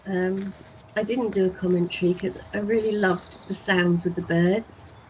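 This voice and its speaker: A woman's voice: medium pitch, steady tone, measured pace, darkish tone, a little hiss or hum, low-quality recording. Chatty English woman on a walk. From England. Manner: chatty and rambling, talks to viewers. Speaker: vlogger. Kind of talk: casual vlog commentary. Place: outdoors on a walk.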